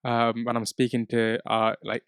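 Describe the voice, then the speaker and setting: A man's voice: medium pitch, completely flat delivery, moderate pace, creaky, clean tone, no room sound, studio quality. A man hosting a podcast interview, asking questions hesitantly with restarts and fillers. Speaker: podcast host. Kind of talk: casual interview chat.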